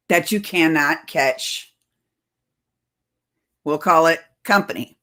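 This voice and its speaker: A woman's voice: on the low side, animated, moderate pace, a bit bright. A woman host talking casually to her viewers in a rambling, chatty way, often laughing. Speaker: channel host.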